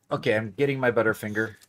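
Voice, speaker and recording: A man hosting a gaming stream, easygoing and quick to laugh at himself. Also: lowish voice, fairly bright tone. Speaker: streamer host. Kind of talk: casual stream banter.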